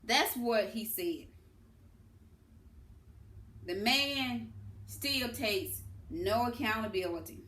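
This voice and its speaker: A woman's voice: fairly high pitch, lively intonation, takes it slowly, pauses often, fairly bright tone. A woman giving a political commentary monologue, impassioned and emphatic, stressing her words. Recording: echoey room.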